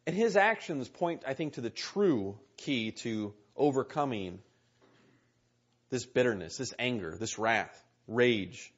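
An earnest male preacher delivering a sermon and reading scripture aloud, often repeating his key words. His voice is husky and mid-pitched. The recording sounds muffled and lo-fi. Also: animated, slow.

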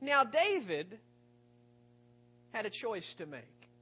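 High-voiced preacher telling a story. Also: male voice, slow pace, a little hiss or hum. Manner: expressive storytelling, rhetorical questions. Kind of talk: sermon. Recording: dull lo-fi recording.

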